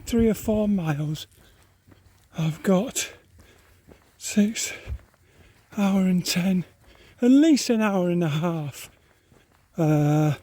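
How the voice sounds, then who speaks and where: A man's voice: high voice, darkish tone, dry recording. A man vlogging as he hikes outdoors, out of breath and rambling to himself as he grumbles about the climbs. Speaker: hiker vlogger. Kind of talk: walking vlog commentary. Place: outdoors on open moorland.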